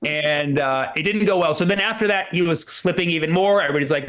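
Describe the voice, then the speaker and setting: At a comedy club, a man rambles through a stand-up set packed with fillers and quick put-on voices for the people he quotes. His voice runs on the high side and a bit bright.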